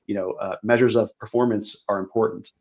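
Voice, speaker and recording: A man as an interview guest, explaining history and policy in a measured way, often repeating words as he goes. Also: fairly low pitch, steady tone, vocal fry, darkish tone, lo-fi sound. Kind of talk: analytical interview talk.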